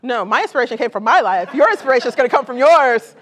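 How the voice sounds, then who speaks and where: A woman's voice: fairly high pitch, expressive, fast. A woman poet reading her work aloud and then chatting with an audience in a casual, joking way, full of fillers like "like" and "um". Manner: laughs easily and jokes with the audience. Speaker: poet and author. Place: college event before a live audience.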